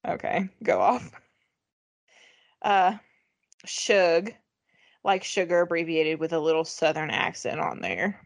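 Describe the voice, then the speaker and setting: Woman podcast co-host: casual, profane, laughs often, very animated delivery, dead-dry booth sound. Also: sits low, measured pace, gravelly, dry recording. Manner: profane, giggly, reads list items aloud with mock disgust. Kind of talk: casual comedic chat.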